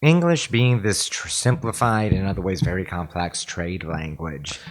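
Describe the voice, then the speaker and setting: A man with a low, deep voice co-hosts a podcast in relaxed conversation. His humor is dry and deadpan, with quips delivered flatly. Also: moderate pace. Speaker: podcast co-host. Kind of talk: casual chat.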